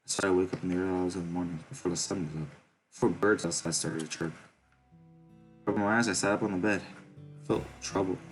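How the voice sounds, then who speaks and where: Low-voiced man reading a game aloud. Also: fairly even intonation, fast, long pauses, faint music behind, rough recording. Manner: reads with stumbles and self-corrections. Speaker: game streamer. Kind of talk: reading a visual novel aloud.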